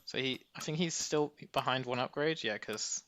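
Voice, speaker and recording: A man's voice: mid-range voice, normal speed. A man giving casual, chatty live commentary on a strategy game match. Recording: steady background noise.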